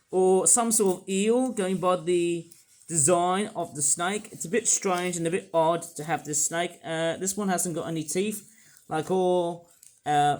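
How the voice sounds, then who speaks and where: A man reviewing toys in a rambling, self-mocking unboxing chat. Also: high voice. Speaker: toy reviewer.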